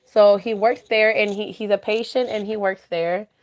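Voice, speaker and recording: A tired woman hosts a relaxed call-in podcast. She chats in a loose, scattered way and laughs often. She sometimes switches to a sing-song voice to coax a baby. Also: mid-range voice, normal speed. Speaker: podcast host. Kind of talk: casual chat with a caller.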